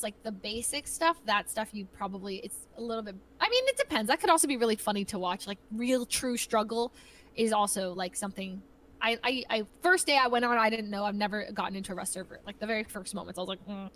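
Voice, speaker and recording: A woman's voice: a little high, animated, brisk, fairly bright tone, rough recording. A young woman in casual conversation, rambling and restarting sentences, acting out little voices when she quotes people. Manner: rambling, self-interrupting, acts out voices in quotes. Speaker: guest streamer. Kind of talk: casual chat.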